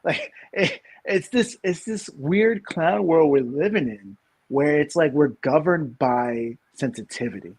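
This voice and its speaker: Husky man ranting on a podcast. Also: on the high side, expressive, unhurried, a little mellow. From New York. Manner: rambling, restarts and repeats, emphatic bursts. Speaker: podcast co-host. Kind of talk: casual opinion chat.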